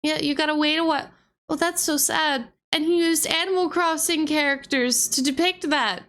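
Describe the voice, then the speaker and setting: A woman's voice: sits high, steady tone, moderate pace, fairly bright tone. A woman streamer chatting casually and giggling while she reacts to a gaming video.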